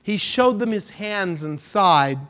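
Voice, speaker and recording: Dramatic high-voiced male preacher. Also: animated, slow, smooth. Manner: dramatic preaching with sudden hushed drops and rises. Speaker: pastor. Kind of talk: sermon.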